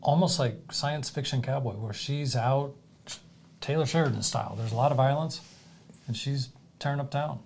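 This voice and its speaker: A man's voice: mid-range voice, normal speed, vocal fry, a little mellow, slight background noise. A man co-hosting a podcast in casual chat, laid-back, mostly giving short agreeing replies.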